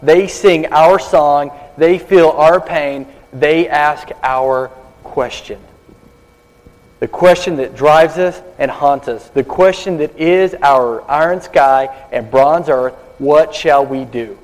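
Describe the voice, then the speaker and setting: A man's voice: on the high side, slow pace. A male pastor giving a sermon at a baptism service, telling stories dramatically and dropping to whispers for asides. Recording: long hall reverb.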